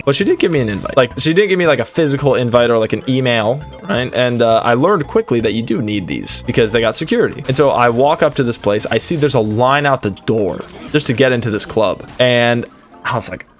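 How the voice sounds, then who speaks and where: A young adult man, a streamer, telling a rambling, self-deprecating story in a casual way, full of quick asides. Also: mid-range voice.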